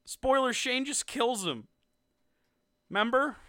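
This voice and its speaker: A young man co-hosting a podcast, reviewing a ranked list of TV seasons in a sarcastic, animated way with frequent laughs. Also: very high voice, slow, dry recording, clean studio sound. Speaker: podcast co-host. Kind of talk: casual ranking review chat.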